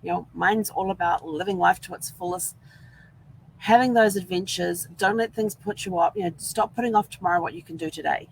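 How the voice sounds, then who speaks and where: An upbeat Kiwi woman with a New Zealand accent runs a rambling, casual live-stream chat from her RV, performing lines she once said. She talks a little fast in a lowish voice with vocal fry, over slight background noise on poor audio.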